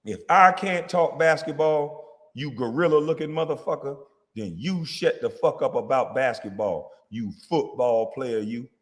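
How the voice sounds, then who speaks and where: A man's voice: medium pitch, animated, unhurried, in a large hall. A man, a former basketball player, delivering a heated, profane, confrontational rant at a critic. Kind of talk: angry rant.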